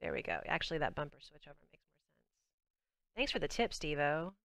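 A young woman with a Southern US accent talks casually and bubbly to her chat while playing on a game livestream. Her low voice is expressive and fairly bright, moving fairly quickly, with no echo.

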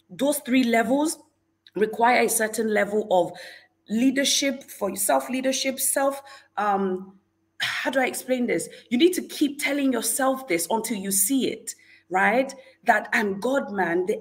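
A woman hosting a livestream, giving an animated, exclamatory faith talk and greeting viewers in the chat. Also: mid-range voice. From Nigeria. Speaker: livestream host.

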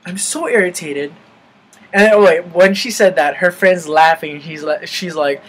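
A young man venting in a casual vlog, animated and swearing freely. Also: high voice, moderate pace, poor audio. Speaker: vlogger.

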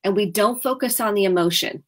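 A woman therapist from Indiana talking on a video call, coaching and acting out example questions in a warm, encouraging way. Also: medium pitch, brisk. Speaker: licensed therapist. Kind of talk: video-chat conversation.

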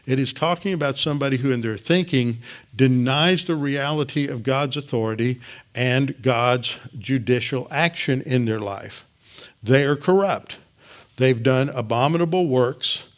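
A man's voice: medium pitch, a little slow. A man teaching a Bible lesson in an earnest way, repeating words for emphasis and restarting phrases.

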